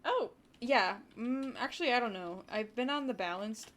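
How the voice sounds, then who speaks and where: A woman's voice: fairly high pitch, lively intonation, moderate pace, a bit bright. A woman streamer giving casual running commentary on a game. She talks to her chat and sometimes drops into short whispered asides. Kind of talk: casual gaming livestream commentary. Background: faint keyboard typing.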